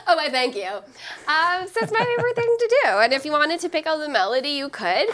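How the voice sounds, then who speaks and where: A woman's voice: sits high, big pitch swings, brisk, a little hiss or hum. A woman giving a live online piano lesson, explaining chords in an upbeat way while she plays and sings along. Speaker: piano teacher. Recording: loud piano playing under the voice.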